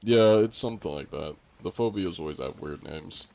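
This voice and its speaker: A young adult man streaming a game live, chatting casually with viewers in a relaxed, rambling way full of fillers. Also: sits low, moderate pace, creaky, slight background noise. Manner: relaxed and rambling, lots of "like" and fillers, joking with chat. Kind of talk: casual live-stream chat while gaming.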